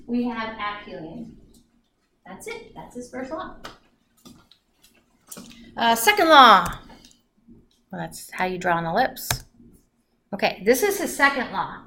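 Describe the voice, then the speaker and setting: A woman explains astronomy to her class in a fairly high voice, chatty and prone to restarting her sentences. She is picked up from a distance in an echoey classroom, with faint room noise behind her. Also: sharp tone. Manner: chatty, restarts often, acts out orbits with sound effects. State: out of breath. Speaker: astronomy instructor. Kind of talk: classroom lecture. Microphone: far from the mic. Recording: echoey classroom recorded from afar.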